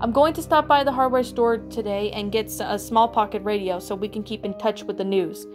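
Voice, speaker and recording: A woman reading a creepypasta aloud and voicing a frightened father bear who tries to calm his wife. Soft music plays behind her. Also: mid-range voice, a little fast, lightly acted. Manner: shaken, then soothing. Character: worried father bear trying to stay calm.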